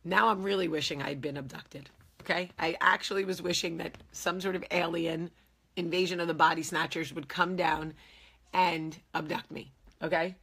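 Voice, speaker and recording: Husky lady host telling a story about herself, bright and punchy, super animated and candid. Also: on the low side. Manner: animated, emphatic, candid, acts out quotes. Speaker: show host. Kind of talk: comedic personal storytelling.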